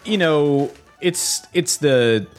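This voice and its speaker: A man co-hosting a casual comedy podcast, reviewing snacks with crude deadpan jokes. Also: on the high side, very slow, faint music behind. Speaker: podcast co-host.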